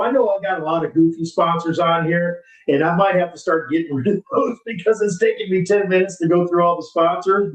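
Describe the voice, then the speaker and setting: A man's voice: fairly high pitch, highs cut off. A man hosting a podcast, chatting casually, reading sponsor ads and swearing freely with frequent laughs. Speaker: podcast host. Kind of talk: casual chat and live sponsor reads. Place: home studio in a new house. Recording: echoey room, distant mic.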